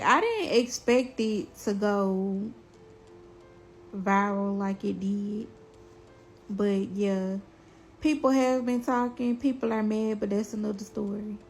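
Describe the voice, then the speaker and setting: A woman's voice: medium pitch, darkish tone. A woman, talking straight to her viewers about her own family in an impassioned, defensive way. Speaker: mother telling her story. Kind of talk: emotional direct-to-camera talk.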